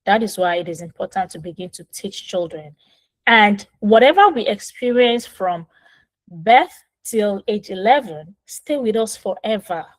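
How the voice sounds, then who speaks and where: A woman's voice: mid-range voice, expressive, unhurried, dry recording, low-quality recording. Woman, parenting coach, casual instructive talk, patient and step-by-step, phone mic in a dead-dry room. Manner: patient, step-by-step explaining with frequent "right?".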